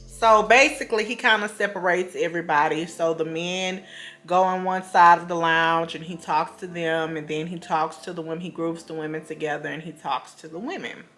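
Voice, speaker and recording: A woman's voice: on the low side, steady tone, moderate pace, fairly bright tone, faint music behind. Chatty woman gossiping over a recap. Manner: chatty, gossipy, full of fillers and asides. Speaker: show recap vlogger. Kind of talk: casual reality-show recap.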